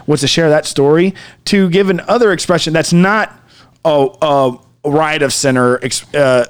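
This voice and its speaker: A man's voice: fairly high pitch, moderate pace, clean tone. A man co-hosting a podcast, telling a personal story in a rambling, casual way full of "like" and "dude", turning earnest and reflective. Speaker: podcast co-host.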